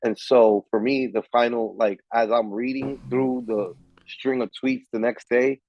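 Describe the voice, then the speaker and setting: A man's voice: medium pitch, steady tone, unhurried, dull audio. A man hosting a podcast, ranting in heated, profane, emphatic casual talk. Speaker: podcast host. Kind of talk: casual chat.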